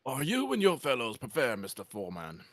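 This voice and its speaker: A man voicing a pompous British judge in a video game, making loud formal pronouncements. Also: medium pitch, huge pitch swings, a little fast.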